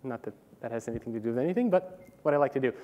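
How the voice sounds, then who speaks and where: Animated man speaking in a hall. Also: mid-range voice, very fast, lo-fi sound. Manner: casual and animated, with many fillers and restarts. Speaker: conference speaker. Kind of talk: conference presentation. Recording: hall reverb.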